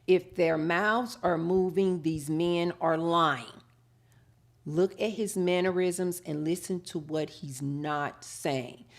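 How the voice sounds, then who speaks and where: Woman host, 30s, animated monologue that acts out both sides of a conversation, low-ish voice. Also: takes it slowly, vocal fry. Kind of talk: live talk show monologue.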